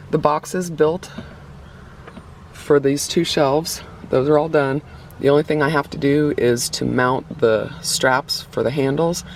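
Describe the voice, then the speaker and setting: A man's voice: mid-range voice, a little hiss or hum. Chatty man giving a breathless build update. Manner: rambling, self-correcting, chatty. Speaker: vlogger. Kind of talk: casual build update to camera. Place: inside a vehicle being built out.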